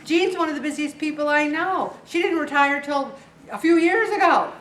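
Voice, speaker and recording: A fairly high-voiced woman talks to a support group in a chatty, joking way, slipping into the voices of the people she quotes. Her voice rings around a roomy hall and is picked up from some distance away. A faint hum of room noise sits underneath. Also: expressive, normal speed, a bit bright. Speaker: weight loss group leader. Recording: echoey room, voice picked up from afar.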